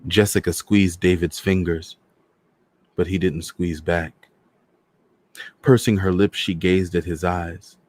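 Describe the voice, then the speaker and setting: A man hosting a storytime show, reading a novel aloud in a measured, dramatic way. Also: low voice, steady tone, darkish tone. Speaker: storyteller host.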